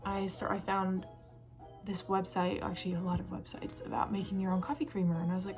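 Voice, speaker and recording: A woman's voice: mid-range voice, little pitch movement, a little fast, a little mellow, faint music behind. A young woman chatting casually to the camera in a vlog, rambling with plenty of fillers and self-corrections. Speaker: vlogger.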